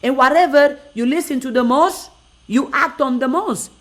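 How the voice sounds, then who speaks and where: A woman's voice: sits high, normal speed. A woman motivational speaker talking on a live stream, driving her points home with emphatic, repeated phrases.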